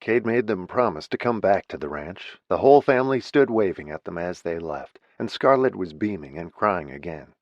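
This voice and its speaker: A low-pitched man reading a novel aloud, steady and even. The recording is very dry with no room sound. The sound is slightly dull. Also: moderate pace, few pauses, no room sound. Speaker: audiobook narrator. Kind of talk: scripted narration.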